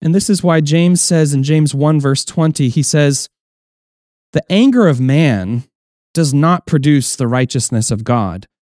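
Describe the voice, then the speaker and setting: A man's voice: fairly high pitch, a little slow, darkish tone, no room sound, studio quality. A man preaching a sermon as pastor, explaining earnestly, with restarts, and acting out quoted voices.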